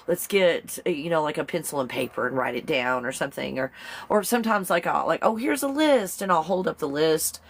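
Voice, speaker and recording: A woman hosting a casual live-stream show, chatty and excitable, rambling along and laughing often. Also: sits low.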